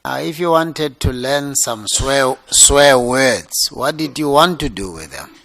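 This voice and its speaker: A man's voice: medium pitch, expressive, slow, creaky, fairly bright tone. Courteous man chairing a hearing. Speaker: commission chair. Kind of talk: formal interview questioning.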